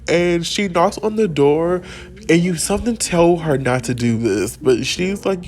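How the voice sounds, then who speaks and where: A man with a slightly high voice narrates a life-sim game in casual let's-play style. He tells the drama with excitable, gossipy energy. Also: measured pace. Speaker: gaming video host.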